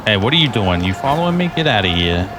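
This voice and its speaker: A man's voice: on the low side, big pitch swings, fast talker, music in the background. A man doing a brash New York street tough. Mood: belligerent. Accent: New York put-on. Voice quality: gruff, shouting, confrontational. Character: brash male street tough strutting on a sidewalk.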